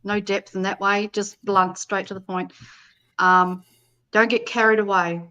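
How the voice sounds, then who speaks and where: A woman's voice: mid-range voice, flat delivery, a little slow, pushed and bright, clear, resonant tone, dull audio. Blunt woman giving psychic readings. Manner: blunt, casual, swears freely. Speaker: psychic reader. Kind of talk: live stream reading.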